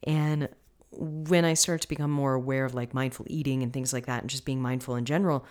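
Chatty low-voiced woman coach. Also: a little mellow. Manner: chatty, encouraging, frequent "you know". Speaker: mindful eating coach. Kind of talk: casual advice talk to listeners.

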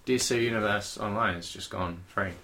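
A man's voice: on the low side, normal speed, bright, forceful tone, slight background noise. A man chatting casually as a podcast co-host, dry and sardonic. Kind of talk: casual chat.

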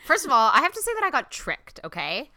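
A woman co-hosting a podcast, giving blunt, animated opinions in a casual film review chat. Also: high voice, fast. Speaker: podcast co-host.

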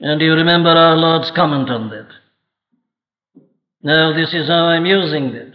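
A man's voice: fairly high pitch, normal speed. A man preaching a sermon from Wales with an emphatic, dramatic delivery. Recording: echoey hall, dull archival audio.

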